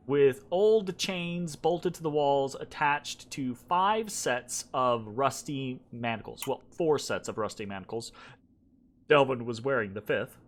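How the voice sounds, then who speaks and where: A man running a tabletop game as game master, reading out scene descriptions slowly with frequent fillers. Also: medium pitch. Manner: slow, reads descriptions with fillers. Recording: faint background music.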